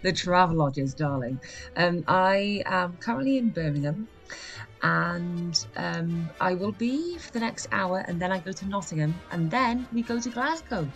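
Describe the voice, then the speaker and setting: A woman co-hosting a podcast from a hotel room, giggly and wry, talking in quick bursts. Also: lowish voice, lively intonation, soft background music. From Wales. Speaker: podcast co-host. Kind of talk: casual chat.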